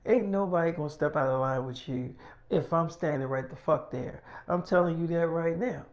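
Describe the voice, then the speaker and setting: A man's voice: a little high, normal speed, natural voice. A man voicing a bossy, foul-mouthed, fatherly enforcer who barks streetwise orders. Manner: profane, streetwise, barking orders.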